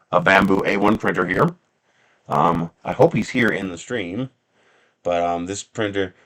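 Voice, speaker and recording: Speaking in a fairly low, fairly bright voice, a livestream host chats loosely at his home workshop bench. He chuckles a lot and drifts into sarcastic remarks.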